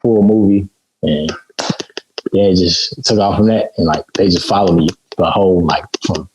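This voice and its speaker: A man's voice: low voice, fairly even intonation, normal speed, darkish tone, muffled recording, slight background noise. A man from Chicago, a boxer guest on a podcast, telling stories in a laid-back way with lots of fillers. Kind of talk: casual podcast chat.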